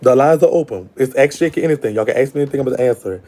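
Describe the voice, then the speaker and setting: A man's voice: medium pitch, very fast. A man hosting a live call-in show, giving blunt, slangy advice. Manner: blunt, slangy, talks back to callers warmly. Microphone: live stream call-in setup.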